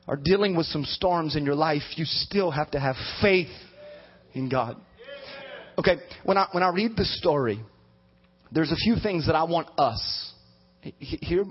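A man in his thirties preaching a sermon in a church, animated and building to shouted emphasis. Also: a little high, slightly rough. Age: 30s. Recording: dull lo-fi sound.

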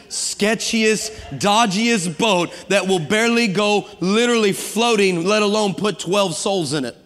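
Man, guest pastor, animated sermon, high voice, long church reverb. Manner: animated preaching, acting out voices and calling to the congregation. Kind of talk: energetic sermon.

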